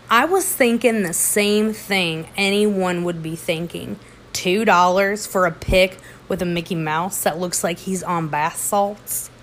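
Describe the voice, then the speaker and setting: A woman's voice: medium pitch, fairly bright tone, a little hiss or hum. A woman hosting a casual beer review podcast, chatty and rambling, laughing at herself. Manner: chatty, rambling, self-deprecating.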